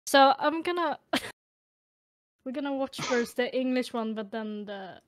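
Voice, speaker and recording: Woman, podcast host, slow, dry close sound. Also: high voice, expressive, no echo. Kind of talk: casual podcast chat.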